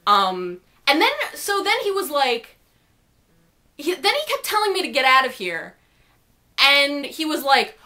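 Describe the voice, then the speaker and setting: A young woman tells a story to camera in a snarky, rambling vlog style. Her voice is high and swings widely in pitch. Her tone is bright and ringing. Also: big pitch swings, normal speed. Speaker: vlogger.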